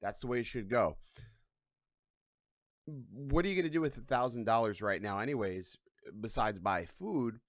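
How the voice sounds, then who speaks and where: A man's voice: medium pitch, expressive, normal speed, pauses often, dry recording, studio quality. A man hosting a casual live stream, rambling in a profane, irreverent way from his couch at home. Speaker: livestream host.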